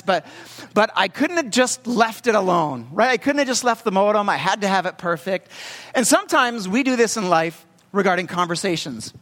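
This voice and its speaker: High-voiced pastor in an echoing hall. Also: male voice, expressive, fairly bright tone. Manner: conversational, halting with fillers. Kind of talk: storytelling sermon. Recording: long hall reverb.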